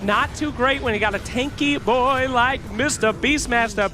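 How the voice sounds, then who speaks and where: A man casting a video game match with play-by-play commentary, joking, laughing often and shouting in big moments. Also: very high voice, moderate pace, hardly any pauses, over music. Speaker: esports caster.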